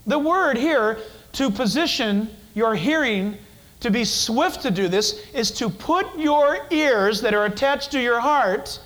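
A man's voice: extremely high pitch, expressive, slow, fairly bright tone, poor audio. A man preaching a sermon as pastor, emphatic and repetitive, firing rhetorical questions at the congregation.

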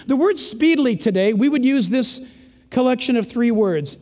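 A man preaching a sermon, emphatic and exclamatory, swinging from loud to hushed. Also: extremely high pitch, animated, fairly quick, in a large hall.

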